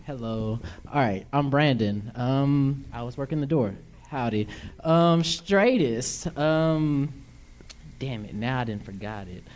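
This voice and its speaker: A man's voice: medium pitch, lively intonation, takes it slowly, a little mellow. A man from Texas sharing a folksy, rambling story from the audience at a live podcast. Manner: folksy, rambling, self-deprecating. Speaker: audience member. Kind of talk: casual sharing at a live show.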